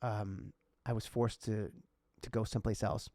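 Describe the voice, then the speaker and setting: A man's voice: lowish voice, level tone, moderate pace, a little mellow, dry recording. A man hosting a casual podcast, telling a personal story in a heartfelt, emotional way. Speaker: podcast host.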